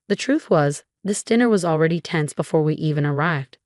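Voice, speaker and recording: A woman reading a scripted first-person story in a calm, steady way. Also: deep voice, brisk, few pauses, dry recording, clean studio sound. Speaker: narrator.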